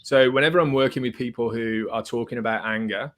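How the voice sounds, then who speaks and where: A man, a therapist hosting, explaining ideas in a measured, teaching way. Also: mid-range voice, steady tone, a bit bright. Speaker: therapist, host. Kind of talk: explanatory talk.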